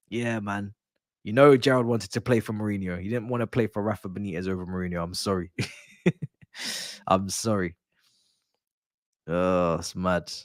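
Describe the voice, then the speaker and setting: A young man chatting casually on a football watch-along stream, joking and laughing in slang and erupting loudly at near-misses. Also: mid-range voice, normal speed, no echo, studio quality. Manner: laughing, nostalgic banter with slang, loud bursts at near-misses.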